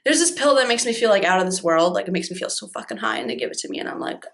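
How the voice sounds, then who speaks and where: A woman's voice: medium pitch, lively intonation, very fast. A young woman telling a dramatic, profane storytime vlog, laughing as she goes. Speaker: vlogger.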